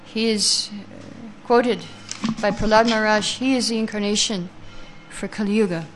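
With soft music playing behind her, a woman with a steady, medium-pitched voice teaches scripture. She chants the verses slowly, reads out translations with explanations, and takes answers from those listening.

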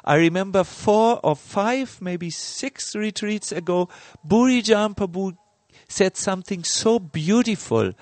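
Middle-aged male spiritual teacher, slow and halting storyteller, slightly high voice, dry close sound. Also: a little mellow, no room sound. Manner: slow, halting, many fillers and restarts. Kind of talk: sermon with personal story.

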